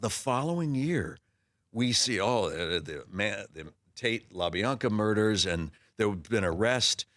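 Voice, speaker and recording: A man in his sixties speaks with a lowish voice, recorded close and dry in the studio. He tells stories with animation, restarts his sentences often and slips into other voices as he tells them. He has a casual, conversational delivery. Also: a little slow, no room sound. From Los Angeles area. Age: 60s. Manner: animated storyteller who acts out voices in his anecdotes; frequent restarts and repeated words. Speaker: actor guest. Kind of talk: casual interview storytelling.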